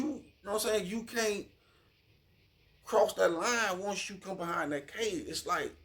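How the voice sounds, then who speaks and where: A man's voice: high voice, vocal fry, a bit bright. A streetwise man giving casual true crime commentary, forever checking in with "you feel me". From Miami.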